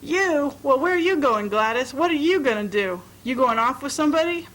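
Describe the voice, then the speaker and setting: A woman's voice: sits high, animated, a little fast, fairly bright tone, voice pushed up, poor audio. A woman voicing a chatty young waitress friend who talks in easygoing folksy slang. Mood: curious.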